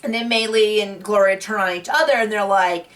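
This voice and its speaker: A woman chats through a reality show recap in a loose, giggly way, trailing off and restarting her sentences. Her voice sits at a middling pitch for a woman. She sounds a little distant from the microphone. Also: a little fast, fairly bright tone. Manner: chatty, giggly, many fillers and restarts. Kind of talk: casual TV recap chat.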